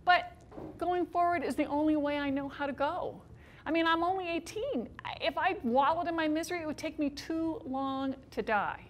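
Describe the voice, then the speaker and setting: A woman in her fifties performing an autobiographical one-woman stage show, telling her story in a wry, expressive way with dry humor. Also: high voice, normal speed.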